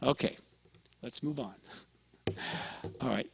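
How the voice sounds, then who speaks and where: In a gravelly, slightly rough mid-range voice, a man lectures at a slow pace. He tells stories, voices the dialogue within them, and keeps checking in with his listeners.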